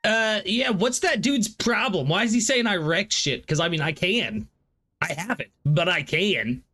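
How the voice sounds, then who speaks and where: Playful, lively-voiced gaming man. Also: sits high, a little slow. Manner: laughs often, playful. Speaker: player. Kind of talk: casual tabletop role-play.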